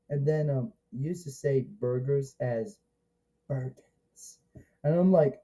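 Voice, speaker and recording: A man giving a casual, rambling spoken movie review, halting and restarting often and breaking into excited exclamations. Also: mid-range voice, rough recording.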